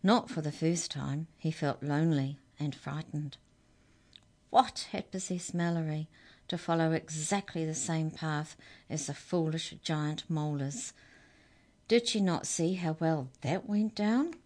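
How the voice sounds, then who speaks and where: A woman reading a children's story aloud in a lively, expressive way. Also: low voice, measured pace.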